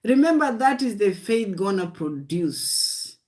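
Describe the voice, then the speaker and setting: A woman's voice: mid-range voice, big pitch swings, unhurried, a little mellow. A woman preaching a livestream sermon. She speaks in short, repeated exhortations and often calls her listeners "guys.". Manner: speaks in short declarations of faith.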